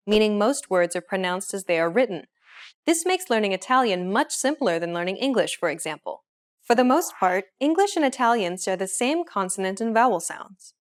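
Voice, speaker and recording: Woman, lesson host, scripted narration, clear and explanatory. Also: mid-range voice.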